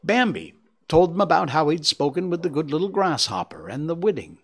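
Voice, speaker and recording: A man's voice: brisk, slightly rough. A man reading a children's story aloud, bringing the characters to life with a varied voice. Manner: lively, voicing characters with shifting pitch. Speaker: narrator.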